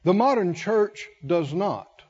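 Male preacher, high-pitched, slow and emphatic, pausing on repeated words. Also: expressive, darkish tone, slightly rough, lo-fi sound. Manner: emphatic, repeats key words with long pauses. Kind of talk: sermon.

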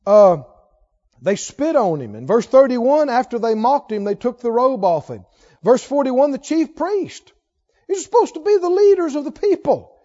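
High, lively preacher in a reverberant hall. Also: male voice, moderate pace. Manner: asks the congregation rhetorical questions. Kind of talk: sermon. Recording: long hall reverb, dull lo-fi sound.

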